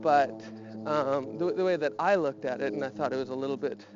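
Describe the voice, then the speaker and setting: A man's voice: medium pitch, a little fast, lo-fi sound, music in the background. A man talking casually while walking his dog outdoors, a little out of breath and slightly nasal, rambling with restarts and fillers. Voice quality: a bit nasal. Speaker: podcast host.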